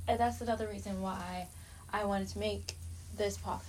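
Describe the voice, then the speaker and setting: A woman's voice: mid-range voice, fairly even intonation, moderate pace, rough recording. A young French Canadian woman hosting a podcast, rambling and indignant, with many fillers and restarts. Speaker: podcast host. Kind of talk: casual monologue.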